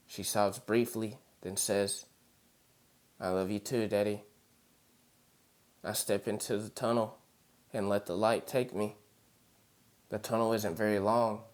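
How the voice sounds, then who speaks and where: A man narrating a first-person horror story in a steady, earnest storytelling manner. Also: fairly low pitch.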